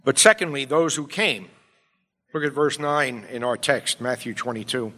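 A man preaching a sermon as pastor, emphatic, swinging between quiet, low passages and loud, urgent appeals. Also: normal speed. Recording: long hall reverb.

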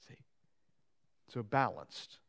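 Speaking slowly, a male pastor preaches to his congregation in a church sanctuary. His sermon swings from loud to quiet and is peppered with folksy jokes and side remarks to the people in the pews.

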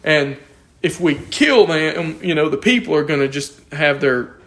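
A man with a somewhat high voice leads an informal Bible study. He explains scripture in a lively way, throws questions to his listeners and chuckles often. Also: measured pace.

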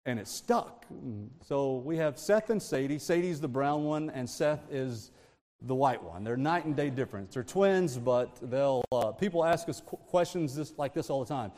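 A man's voice: medium pitch, expressive, unhurried, a little mellow, in a large hall. A man preaching a sermon, telling family stories with frequent laughter and asides to the congregation.

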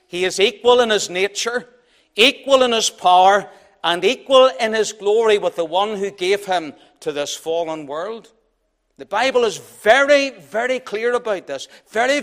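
High-voiced man preaching an emphatic sermon. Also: fairly bright tone. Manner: emphatic, rhythmic, measured preaching.

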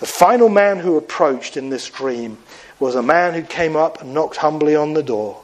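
A man's voice: fairly high pitch, low-quality recording. Earnest male preacher delivering a sermon. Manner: earnest, slows and softens on appeals; tells a parable with lifted, animated quoted voices. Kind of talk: evangelistic sermon.

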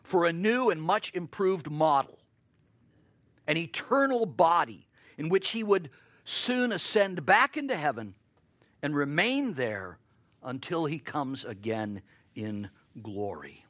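A man preaching a sermon, expressive, acting out quoted lines and asking his listeners rhetorical questions. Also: a little high, takes it slowly, dry recording.

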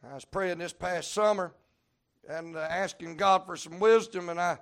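A male preacher delivering a revival sermon, storytelling in a folksy way and breaking into sudden shouts. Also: sits high, steady tone, moderate pace, clear, resonant tone. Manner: preaching with sudden shouted peaks and Southern folk sayings.

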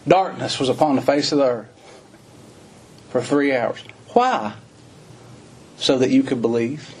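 A man preaching a sermon, reading scripture and explaining it in plain folksy talk, rising to fervent emphasis and slowing on key words. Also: expressive, a little hiss or hum. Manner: rises to high, fervent emphasis and slows on key phrases; reads scripture in old-fashioned wording, then explains in plain folksy talk.

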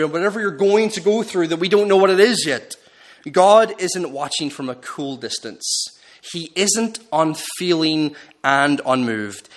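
A man preaching a sermon. He speaks expressively, dropping low and soft for quoted lines and rising for emphasis.

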